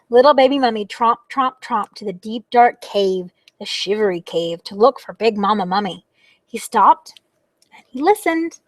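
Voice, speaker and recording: A woman reading a picture book aloud to children at a library storytime, expressive and playful, with sound effects. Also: a little high, normal speed, no room sound.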